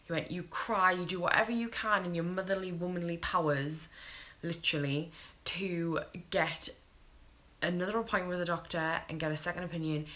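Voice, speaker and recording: A British woman with a low, deep-set voice talks straight to camera like a tired young mother. She is frank and unfiltered and swears freely as she tells her story in a casual vlog. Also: fairly even intonation, normal speed, sharp tone. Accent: British English. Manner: blunt, candid, swears freely.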